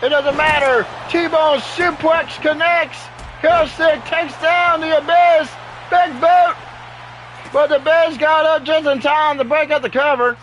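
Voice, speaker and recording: High-voiced man doing excitable play-by-play. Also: unhurried, dull audio, slight background noise. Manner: excitable, keeps exclaiming "uh-oh". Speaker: game commentator. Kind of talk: play-by-play commentary over a wrestling game. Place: home with sleeping dogs nearby.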